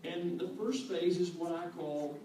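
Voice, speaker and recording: A man's voice: high-pitched, a little slow. Man preaching in an echoey hall. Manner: animated, acts out quoted voices, chuckles. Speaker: guest speaker. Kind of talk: sermon. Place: church hall. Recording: echoey hall, distant mic, faint room noise.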